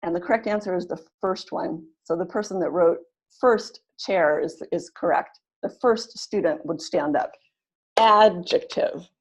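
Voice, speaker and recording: Lowish-voiced woman teaching a webinar. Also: darkish tone, husky. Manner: upbeat, sounds out words slowly syllable by syllable. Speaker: teacher trainer.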